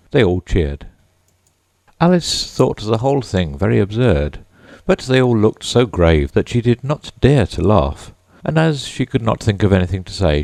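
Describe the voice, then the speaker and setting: A man narrating a children's audiobook in an expressive, measured storytelling manner. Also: low-pitched, no echo.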